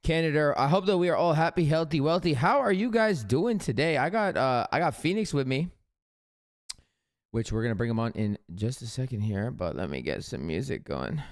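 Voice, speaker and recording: A man hosting a casual live stream, out of breath, greeting viewers with energetic slang. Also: medium pitch, normal speed. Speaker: livestream host. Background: faint background music.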